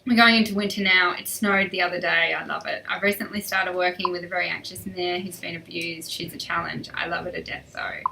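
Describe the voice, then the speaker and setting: A woman's voice: lowish voice, steady tone, fairly quick, vocal fry, hardly any pauses, sharp tone, recorded from a distance, slight background noise, rough recording. Upbeat woman coach answering live questions. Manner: chatty, upbeat, reads out and answers viewer questions. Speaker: riding coach. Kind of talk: live-stream Q&A.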